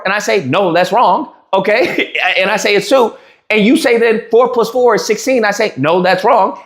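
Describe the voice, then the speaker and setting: A man's voice: very high-pitched, fairly bright tone. A man recapping an interview in a heated, mocking rant, laughing at his own jabs and restarting his sentences often. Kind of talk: animated ranting recap to camera. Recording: roomy echo.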